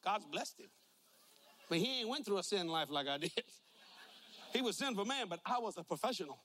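A man with a high voice preaches with folksy humor, telling jokes and stories before driving home his points. His delivery is emphatic and conversational. Faint ambient noise sits behind him. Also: animated, brisk, sharp tone. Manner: joking, folksy storytelling, emphatic. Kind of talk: humorous sermon.

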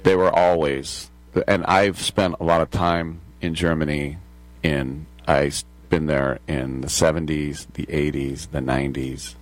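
A man's voice: extremely low pitch, fairly even intonation, a little slow. An American man in his sixties hosting a sports talk radio show, rambling and joking through digressions. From United States.

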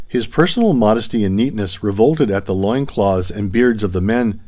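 An audiobook narrator with a lowish voice reads an adventure novel aloud, delivering scripted narration in a measured, even storytelling manner.

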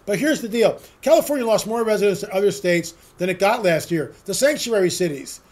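A man with a notably high voice talks straight to his listeners in an opinion monologue. He hosts a political talk show, and his delivery is emphatic and sarcastic, driven by rhetorical question after rhetorical question. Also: expressive, brisk, a little mellow.

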